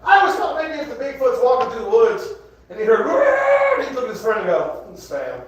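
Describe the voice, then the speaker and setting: A man's voice: extremely high pitch, lively intonation, quick pace, recorded from a distance, very noisy. A man doing a stand-up set in a comedy club, rambling and crude with self-mocking asides. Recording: echoey club recorded from afar.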